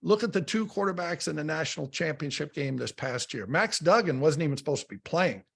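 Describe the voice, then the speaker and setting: Middle-aged guy talking football, gravelly and husky, tells stories fast and loose, stumbles over his first words. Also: fairly high pitch. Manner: storytelling, animated, repeats words when starting. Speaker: radio analyst. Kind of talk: casual sports talk.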